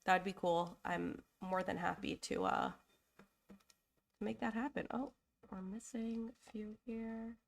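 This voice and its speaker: A woman's voice: mid-range voice, steady tone, slow, vocal fry. A young woman, getting over a cold, hosting a live design stream in a casual, chatty way and thinking aloud with fillers and self-corrections. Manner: openly emotional and apologetic.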